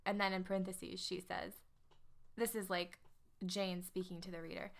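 A woman's voice: lowish voice, level tone, normal speed, gravelly. A young woman co-hosting a casual book podcast, chatty and wry, with frequent fillers and asides. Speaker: podcast co-host.

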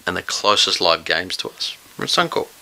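A man co-hosting a casual sports chat, talking in a measured, agreeable way and leaning on stats. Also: low-pitched, very animated, vocal fry, bright, forceful tone, rough recording. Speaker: podcast co-host.

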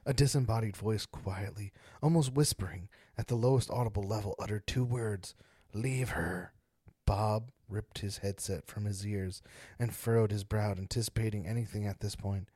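Man, podcast host, low voice, husky, dry recording, jokey, dramatic story reading. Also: fairly even intonation, normal speed, dark tone, no room sound. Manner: jokey, reads stories with dramatic emphasis. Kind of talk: casual chat and reading stories aloud.

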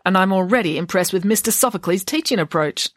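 A woman voicing a calm, proud teenage girl with a lofty manner. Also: medium pitch, fast, no room sound, studio quality, voice pushed up, close to an everyday voice. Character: composed, grandly self-assured teenage girl.

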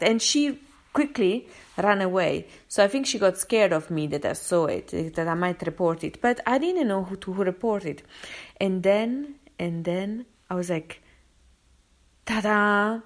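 A woman's voice: lowish voice, lively intonation, normal speed. A woman vlogger rambling through a personal story in a casual, chatty way, with many fillers and restarts. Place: London.

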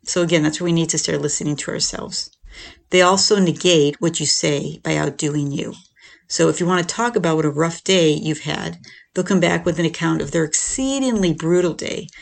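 A podcast host talking through ideas in an easy, conversational way, often tossing in "right?" and "you know". The voice has a gravelly, creaky edge and sits at a middling pitch. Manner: acts out quoted lines in a lifted, animated voice. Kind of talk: casual explanatory talk on relationships.

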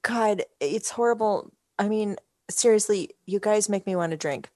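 A woman's voice: mid-range voice, moderate pace, dark tone, no room sound, studio quality. A woman cohosting a casual podcast, teasing and laughing, swearing freely. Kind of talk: casual chat.

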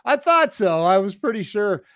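A man's voice: high-pitched, very animated, normal speed, fairly bright tone, no room sound, studio quality. A man hosting a casual interview, stammering through restarts and laughing often. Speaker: podcast host.

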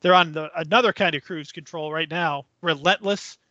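A man's voice: fairly high pitch, moderate pace, pushed and bright, no echo, dull audio. A man co-hosting a sports podcast, griping bluntly with frequent swearing. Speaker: podcast co-host. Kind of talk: casual podcast banter.

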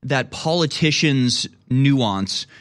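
A male host delivering political commentary with heavy sarcasm, rambling through asides and jokes. His voice sits at an ordinary mid pitch for a man, neither high nor low. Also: lively intonation, takes it slowly, a bit bright.

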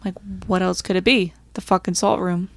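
A woman's voice: lowish voice, fairly even intonation, normal speed, vocal fry. A woman co-hosting a podcast in casual chat, swearing often and filling her talk with "like". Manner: swears often, chatty, trails off with "like". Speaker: podcast co-host.

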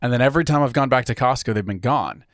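A man in his thirties co-hosts a podcast in relaxed, rambling chat. His voice sits at an ordinary pitch, recorded close and dry with no room sound. He laughs often and trails off mid-sentence. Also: fast talker, no echo. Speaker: podcast co-host. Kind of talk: casual chat.

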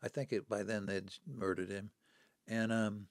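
Gravelly low old guy spinning stories on a podcast, acts out the voices. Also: fairly even intonation, a little slow, no room sound, clean studio sound. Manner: dramatic storyteller who acts out the people he quotes. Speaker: podcast guest. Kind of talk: storytelling in conversation.

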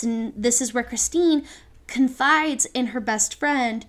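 A woman's voice: high-pitched, unhurried. A woman co-hosting a casual chat, enthusiastically retelling a musical's plot and slipping into quoted voices. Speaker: podcast co-host.

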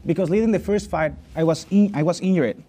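A man's voice: sits high, fast. A young man from Mexico with a Mexican Spanish accent, talking casually and profanely in an interview, acting out quotes. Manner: profane, animated, acts out quotes. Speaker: fighter. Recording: faint background noise.

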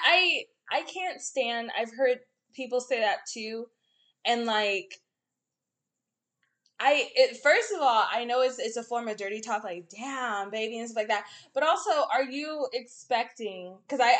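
Young woman podcast co-host, fairly high voice, blunt and animated, acts out quotes. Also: normal speed. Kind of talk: casual chat.

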